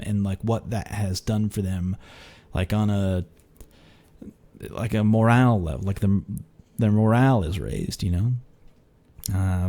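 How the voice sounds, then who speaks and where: A young man hosting a podcast, telling a story in a rambling, filler-heavy way with restarts, casual swearing and laughter. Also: mellow. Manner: laughs and jumps in pitch when acting out quoted exchanges. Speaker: podcast host.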